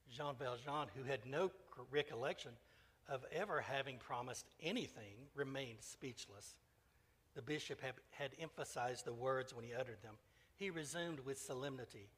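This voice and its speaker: A man preaching a sermon as a pastor, earnest and measured, who also reads a story aloud. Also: medium pitch, fairly bright tone, breathy edge, big-room sound.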